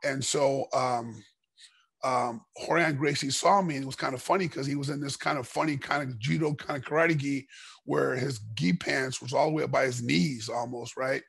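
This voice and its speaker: Raspy, gravelly middle-aged man. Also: mid-range voice, moderate pace, no echo. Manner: animated storyteller, acts out dialogue. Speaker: podcast guest, former fighter. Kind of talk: casual storytelling interview.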